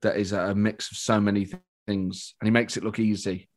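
A man's voice: on the low side, a little fast. A man from Britain, a comedian guest telling an anecdote in a casual chat, acting out quotes and swearing freely. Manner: lively anecdote teller who acts out quotes, swears freely. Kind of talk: animated storytelling in casual chat.

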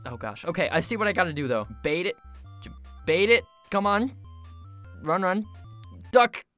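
Excitable young gamer with lively pitch. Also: brisk, dry recording, soft background music. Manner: excitable, yelps and laughs at sudden deaths. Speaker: gaming YouTuber. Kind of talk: casual gameplay commentary. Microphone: phone mic.

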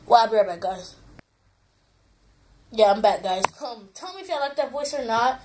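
Girl rambling on her vlog, giggly and apologetic, kinda high voice. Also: lively intonation, normal speed, noisy background. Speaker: gaming channel youtuber. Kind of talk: casual vlog chat.

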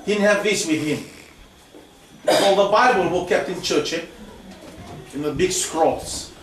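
A man's voice: sits high, a little slow, slight background noise. A man preaching at a mission training, peppering his talk with "praise the Lord" and "eh?". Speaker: pastor leading mission training. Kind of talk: preaching sermon. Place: church hall. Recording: echoey church hall, mic far off.

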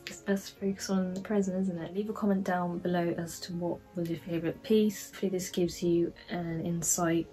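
A woman's voice: fairly low pitch, little pitch movement, brisk, hardly any pauses, mellow, soft background music, low-quality recording. A young woman chatting casually through a clothing try-on haul vlog, with lots of fillers. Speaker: fashion vlogger.

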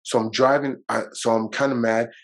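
Husky-voiced man telling a personal story. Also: medium pitch, steady tone, a little fast, rough recording. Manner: loose, rambling, with frequent fillers and swearing. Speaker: podcast guest.

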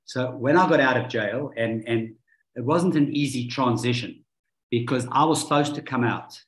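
A man's voice: medium pitch, poor audio. A South African man, a guest on an online interview, reflectively recounting his past. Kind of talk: conversational storytelling.

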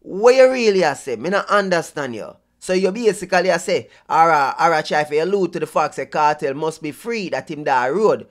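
Jamaican guy reacting to clips, fed up and mocking, heavy patois, bit high voice. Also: animated, a little fast, few pauses. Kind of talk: casual reaction commentary.

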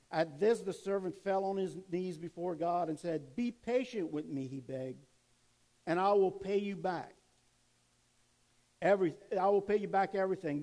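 A male pastor with a high-pitched voice preaches a sermon, reading scripture aloud and commenting between verses. He poses questions to the congregation and answers them himself. When he tells a family story, he grows quiet and soft, and the audio quality is poor.

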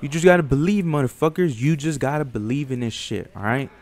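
A man's voice: mid-range voice, fairly quick, a little mellow. Profane young man ranting. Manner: profane, blunt, heated. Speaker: YouTuber. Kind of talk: casual rant to camera.

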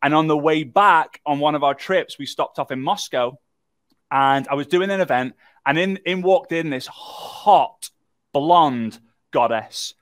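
A man presenting a live online workshop, telling a story in a lively, jokey way and talking to the chat. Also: fairly high pitch, measured pace, dry recording. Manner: animated, jokey storyteller who talks to the chat.

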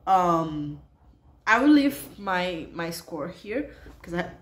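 A woman's voice: fairly low pitch, big pitch swings, takes it slowly, reverberant, slight background noise. A woman hosting a reaction video, talking casually and unsure of herself, muttering guesses and often laughing.

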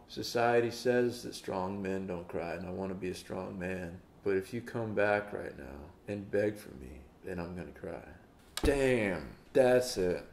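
A man talks casually through a music reaction, teasing and quoting the singer in put-on voices. His voice has a gravelly fry to it. The recording sounds roomy and echoey. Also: lowish voice, darkish tone. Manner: playful, mock-quotes the singer in put-on voices. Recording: roomy echo.

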